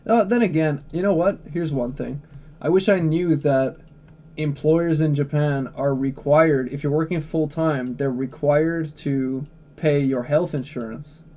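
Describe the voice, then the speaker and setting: A man's voice: on the high side, unhurried, warm tone. A man chatting casually on a livestream, blunt, opinionated and profane, answering chat questions.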